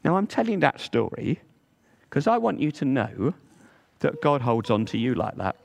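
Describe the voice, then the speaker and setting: A man leading a church children's talk, telling a story in a gentle, coaxing way with drawn-out emphasis. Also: mid-range voice, very animated, creaky.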